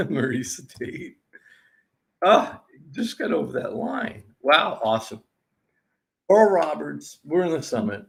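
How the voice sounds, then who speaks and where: A man's voice: a little high, very animated, slow, vocal fry, long pauses. A man hosting a sports-picks recap, going over college basketball scores in an exasperated, sarcastic rant. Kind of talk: ranting sports betting recap.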